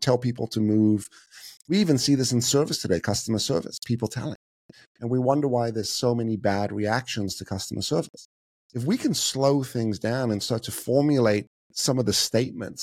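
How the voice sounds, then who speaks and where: A middle-aged man, a guest on a podcast, explaining communication in a lively way and acting out quoted voices. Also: no room sound. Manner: animated, acts out quoted voices with big pitch jumps. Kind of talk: casual interview talk.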